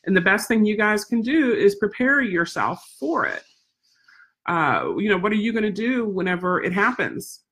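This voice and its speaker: A woman's voice: medium pitch, very animated, normal speed, fairly bright tone. A woman vlogger casually telling a story in a rambling, repetitive, exasperated way. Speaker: vlogger, service dog handler.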